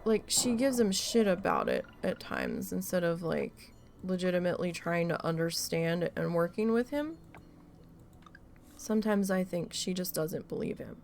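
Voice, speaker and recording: A woman's voice: fairly low pitch, sing-song, moderate pace, vocal fry, a little mellow, slight background noise. A woman streamer chatting casually while she plays, telling an exasperated story with a lot of swearing. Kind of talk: casual chat during a live gameplay stream.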